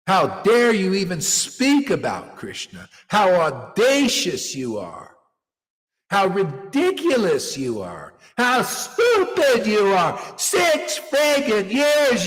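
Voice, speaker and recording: A man's voice: sits high, long reverb tail. A man, a spiritual teacher, telling stories in a dramatic, scolding and mocking way. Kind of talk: animated storytelling talk.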